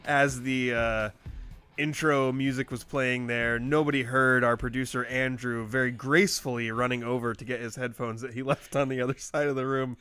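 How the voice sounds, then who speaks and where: A man's voice: mid-range voice, steady tone, moderate pace, sharp tone, smooth, no room sound, faint music behind. A man hosting a casual sports podcast, joking and rambling, with frequent laughs. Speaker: podcast host.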